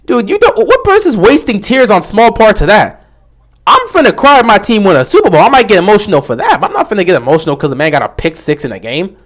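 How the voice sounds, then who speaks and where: A young man hosting a sports livestream, chatting casually and answering viewer questions. His voice sits a bit high and swings widely in pitch as he gets worked up. He talks like he's riffing with his audience. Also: fast. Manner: animated, answering chat questions. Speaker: livestream host.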